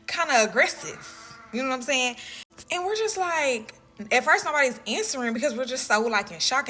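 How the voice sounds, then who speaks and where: A woman telling a personal story in a casual, animated way, full of "like" and "you know what I'm saying". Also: high voice, husky.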